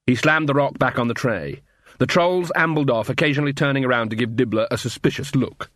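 Husky man narrating a storybook. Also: mid-range voice, fairly quick, a bit bright, dry recording, clean studio sound. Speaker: audiobook reader. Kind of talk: scripted narration.

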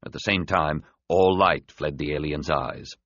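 A man narrating a science fiction novel in an expressive, dramatic reading. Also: very deep voice, unhurried, no echo. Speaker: audiobook narrator. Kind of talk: scripted narration. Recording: slightly dull, dry studio recording.

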